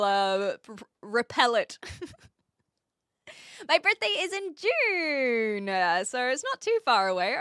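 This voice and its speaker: A young woman with a New Zealand accent, softened by years abroad, chats with her stream viewers and laughs often. Her voice is high and bright, with a lively, bouncing pitch. The sound is close and dry. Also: no echo. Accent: New Zealand, softened by years in Australia and the UK. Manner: giggly and bubbly, reads chat aloud, frequent laughs. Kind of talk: casual live-stream chat with viewers. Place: attic.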